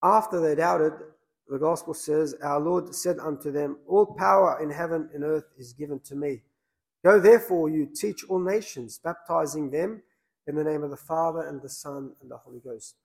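A man's voice: a little high, moderate pace, gravelly, poor audio. A man, a priest, preaching a sermon in a plain conversational way, with many fillers and restarts.

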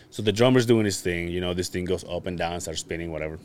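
A man with a somewhat low voice tells a story on a casual podcast. He is animated, breaks into laughter often and swears freely. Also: fast, smooth. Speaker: podcast co-host. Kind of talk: casual chat.

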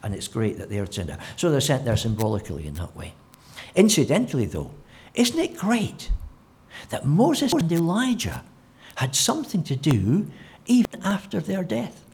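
A man preaching a sermon, telling the story with animated delivery and acting out quotes in different voices. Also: on the high side, moderate pace.

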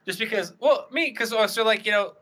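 A man's voice: high-pitched, brisk, bright, forceful tone. A young man telling rambling stories in a casual podcast chat, swearing and restarting often.

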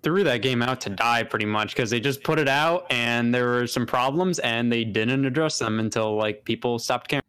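A man co-hosting a casual gaming podcast, opinionated and talking in quick bursts. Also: mid-range voice, a bit bright, clean tone. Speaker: podcast co-host. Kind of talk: casual chat.

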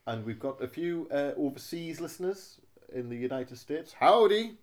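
A man's voice: medium pitch, normal speed, darkish tone. A man co-hosting a casual comic podcast, rambling jokily between silly voices. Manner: jokey, rambling, breaks into silly voices and sing-song. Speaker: podcast co-host.

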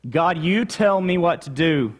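A woman's voice: on the low side, animated, unhurried, in a large hall. A male preacher voicing a devoted, humble woman who speaks earnestly. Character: devoted, calm young woman, eager to listen.

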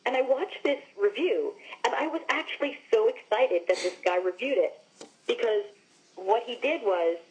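In a muffled recording, a woman with a slightly high, darkish voice tells stories with lots of energy. She's an actress from Long Island, New York, chatting as a guest in a casual interview and saying "like" and "you know" a lot.

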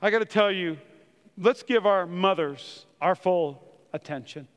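A man's voice: high-pitched, measured pace, long reverb tail. A middle-aged man, a pastor, preaching a sermon in a church, telling funny family stories and acting out the quotes in them. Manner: animated storyteller, acts out quotes.

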